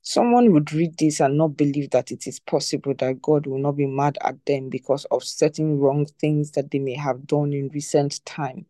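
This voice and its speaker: Devotional teacher, mellow tone, dry sound, emphatic and repetitive, asks rhetorical questions. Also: medium pitch, fairly even intonation, moderate pace, hardly any pauses, dry recording.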